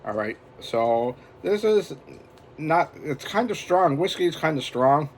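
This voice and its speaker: This is a man vlogging from home in a loose, rambling way, chuckling as he talks. His voice sits a little high for a man. A faint hum of noise runs under him. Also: animated, measured pace. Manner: rambling, chatty, chuckles often. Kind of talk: casual home vlog chat.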